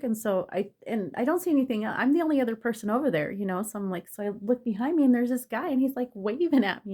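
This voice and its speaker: A woman's voice: a little high, quick pace. Giggly swearing woman telling a story. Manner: laughs often, swears, animated retelling. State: in pain, near tears. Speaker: vlogger. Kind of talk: casual storytelling.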